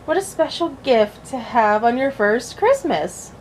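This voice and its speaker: A woman reading a storybook aloud and voicing a gentle, cautious mother deer. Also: fairly high pitch, lively intonation, unhurried, slight background noise, rough recording.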